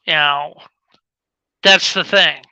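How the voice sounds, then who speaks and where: A man's voice: on the high side, fairly even intonation, slow pace, pushed and bright, smooth, no room sound, poor audio. A man in casual podcast chat, joking and bickering about metal bands and talking over his friend. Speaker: podcast co-host.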